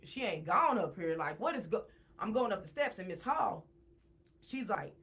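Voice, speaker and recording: Medium in pitch and normal in pace, a woman's voice carries a personal story told as a podcast guest. She keeps it casual and animated, and repetition creeps in when she gets worked up.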